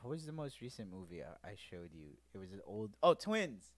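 A man's voice: fairly low pitch, a little fast, no room sound. A man co-hosting a podcast, retelling comedy movie scenes in a casual chat and swearing freely. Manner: animated storyteller who swears casually. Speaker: podcast co-host.

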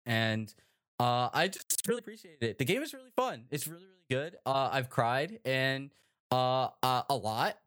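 A male podcast host in easy conversation, his voice at an ordinary middle pitch. He rambles with plenty of fillers and keeps tossing out "right?" to his listeners. The delivery is animated and casual. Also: moderate pace. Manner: animated, chatty, with many fillers and tag questions. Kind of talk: casual chat.

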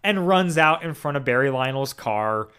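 A man's voice: mid-range voice, lively intonation, moderate pace, a bit bright, smooth. A man co-hosting a casual podcast, recapping a story in a rambling way with lots of fillers and acted-out quotes. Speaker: podcast co-host. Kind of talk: casual chat recapping a radio play.

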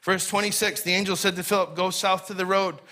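Male preacher, high bright voice, animated sermon storytelling. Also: fairly quick. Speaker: pastor.

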